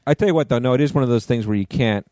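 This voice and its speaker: A man's voice: mid-range voice, very fast, darkish tone. A middle-aged man co-hosting a podcast, telling rambling stories in casual chat, full of restarts and swearing. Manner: rambling storyteller with many restarts and profanity. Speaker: podcast co-host.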